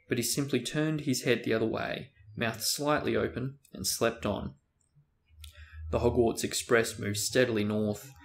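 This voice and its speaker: A man's voice: fairly low pitch, gravelly. Man narrating a novel aloud. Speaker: host reading a book aloud. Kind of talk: book reading with character voices.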